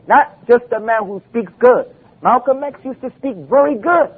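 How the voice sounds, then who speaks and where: Man, high voice, emphatic lecture, rhetorical questions, quotes Arabic, lo-fi phone-like recording. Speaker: preacher. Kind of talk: Islamic lecture.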